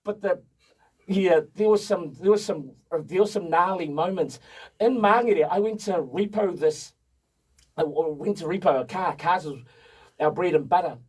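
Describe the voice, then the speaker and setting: Energetic New man in his fifties. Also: high voice, husky, distant mic, poor audio. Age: 50s. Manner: energetic, chatty storyteller who laughs often. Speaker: event MC and radio guest. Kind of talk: casual radio interview. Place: radio studio.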